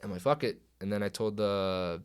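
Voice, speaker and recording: A man's voice: lowish voice, normal speed, clean tone. A young man, a guest on a podcast, telling a story in casual, profane chat and acting out what others said. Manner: profane, animated, acts out quoted dialogue. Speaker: podcast guest, pro wrestler.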